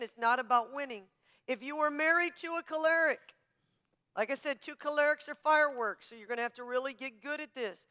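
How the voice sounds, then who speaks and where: A woman pastor teaching a marriage class in an emphatic, forceful, coach-like manner. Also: sits high. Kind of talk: sermon-style teaching.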